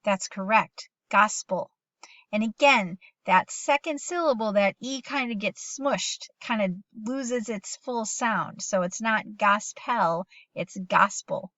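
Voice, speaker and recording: A woman's voice: medium pitch, fairly bright tone, no echo, muffled recording. Patient woman teaching young children phonics. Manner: patient, encouraging, reads sentences slowly aloud.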